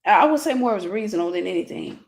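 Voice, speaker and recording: A woman's voice: mid-range voice, animated, racing. A woman minister in her forties telling a personal story in a casual livestream sermon, greeting viewers by name.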